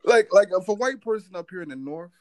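A man from the US East Coast co-hosting a casual chat, animated and profane, joking and slipping into mocking voices. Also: high-pitched, fast, crowd noise, low-quality recording.

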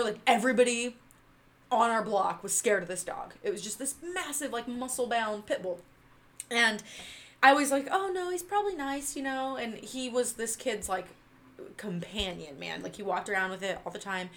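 A woman from Northern California telling animated childhood stories in a casual chat, acting out quotes with loud bursts. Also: medium pitch, moderate pace. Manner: animated, acts out quotes with loud laughing outbursts.

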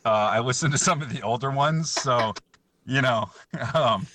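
A man's voice: mid-range voice, normal speed, a bit bright, a little hiss or hum. A young man, a podcast guest, telling a rambling story in casual chat, often laughing.

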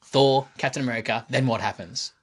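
A man's voice: mid-range voice, brisk, a little hiss or hum. A young man co-hosting a casual podcast, teasing and quizzing his friend. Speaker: podcast co-host.

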